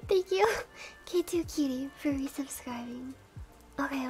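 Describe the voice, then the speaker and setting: High-voiced giggly woman streamer. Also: takes it slowly, pauses often, darkish tone, soft background music. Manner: giggly, thanks subscribers one by one. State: has the hiccups. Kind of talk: casual livestream chat.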